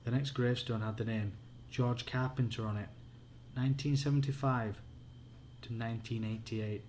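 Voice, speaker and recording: A father with a Yorkshire accent reads a spooky children's book aloud at bedtime. His voice sits at an ordinary middle pitch, and the reading is plain and unpolished. A faint hiss sits behind him. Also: fairly even intonation, moderate pace, darkish tone.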